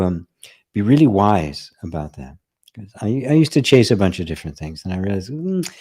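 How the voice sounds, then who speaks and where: Male spiritual teacher, lowish mellow voice, easygoing live-stream chat. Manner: relaxed and conversational, laughing often, with frequent "right?". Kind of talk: casual live-stream talk with viewer comments.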